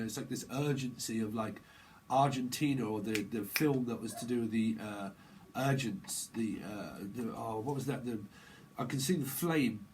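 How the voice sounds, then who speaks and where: A man giving a casual live tarot reading, rambling and excitable, repeating himself and using slang. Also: medium pitch, fairly quick, slight background noise. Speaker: tarot reader.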